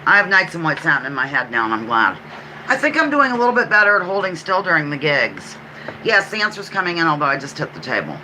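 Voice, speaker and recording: Woman, Pennsylvania accent, live trivia host. Lively, animated delivery, chatty and self-correcting. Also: deep voice, slight background noise, poor audio. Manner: chatty, self-correcting, repeats clues slowly. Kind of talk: casual live trivia chat.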